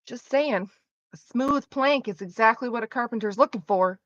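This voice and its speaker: A woman with a bright, sharp, fairly high voice chats as a streamer, swearing freely and venting sarcastically. The sound is dry and a little muffled, close to a desk mic. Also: normal speed, dry recording. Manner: profane, ranting, sarcastic. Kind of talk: casual chat.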